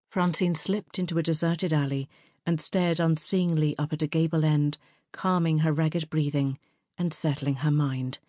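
Low-voiced woman reading an audiobook. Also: a little mellow, no room sound, studio quality. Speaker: narrator. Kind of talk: audiobook narration.

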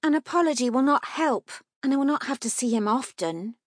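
A woman's voice: high-pitched, animated, fairly quick, dry recording, clean studio sound, voice pushed up. Woman doing a prim, stubborn ten-year-old girl. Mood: firm. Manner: prim, firm and argumentative.

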